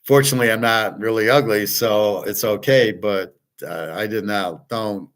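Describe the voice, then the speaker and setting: A man's voice: on the low side, normal speed. An older man hosting a sports betting show, talking in a rambling, casual way with plenty of swearing and restarts. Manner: rambling, profane, repeats himself.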